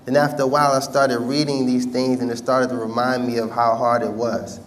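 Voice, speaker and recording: A man's voice: medium pitch, flat delivery, fairly quick. Man telling his story from a distance. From United States. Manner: casual street slang, conversational, repeats for emphasis. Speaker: former rapper telling his life story. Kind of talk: storytelling talk to an audience. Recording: distant mic with faint background noise.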